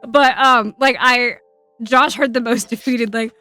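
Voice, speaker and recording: A woman's voice: a little high, normal speed, pushed and bright, smooth, no room sound, soft background music. A young woman streamer rambling in casual chat, swearing often and laughing as she talks. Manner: laughs a lot while talking. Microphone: wearing earbuds.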